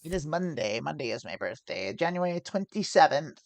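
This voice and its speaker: Playing poker on a live stream, a woman talks through every hand and frequently starts her sentences over. She speaks at a moderate pace in a low voice with big swings in pitch.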